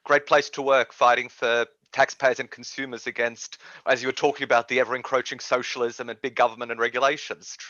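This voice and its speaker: A man's voice: medium pitch, flat delivery, a little fast, hardly any pauses, sharp tone, no echo, highs cut off. An Australian man, a policy advocate, speaking assertively as a guest over a video call. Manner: assertive, confident.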